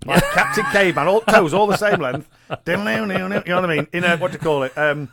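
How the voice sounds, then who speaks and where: A man's voice: high voice, creaky, a bit bright. A man with a Yorkshire accent co-hosting a podcast, chatting and joking in a casual, playful way and echoing his partner. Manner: jokey, repeats and echoes his co-host, quick laughs. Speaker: podcast co-host. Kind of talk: casual comedic chat.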